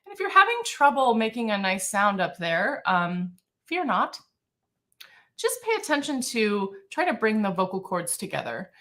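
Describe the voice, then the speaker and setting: A woman vocal coach leading a live-streamed singing warm-up, talking in a relaxed, chatty way with many fillers and breaking into high sung exercises. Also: unhurried.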